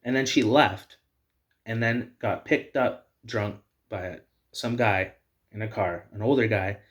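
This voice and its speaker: A man's voice: lowish voice, takes it slowly, lo-fi sound. A man hosting a video, delivering heated, repetitive personal commentary. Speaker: video host.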